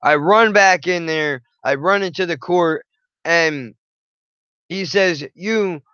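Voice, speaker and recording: Young male host, fairly high-pitched and forceful, blunt and profane storyteller, dull lo-fi sound. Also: slow, clean tone, no room sound. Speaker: channel host. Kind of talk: blunt personal storytelling monologue.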